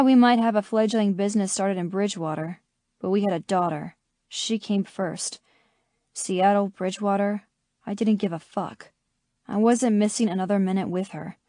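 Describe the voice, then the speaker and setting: A woman narrates an audiobook at a measured, steady pace. Her voice is warm and mellow, recorded dry and close with no room sound. Her pitch sits in a middle range. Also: dry recording. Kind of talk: scripted first-person narration.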